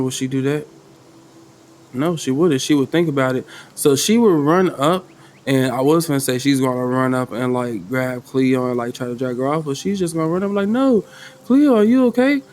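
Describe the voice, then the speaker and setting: A man running a solo tabletop game as game master, talking loosely in slang and thinking out loud. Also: medium pitch, slight background noise. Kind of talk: casual tabletop game narration.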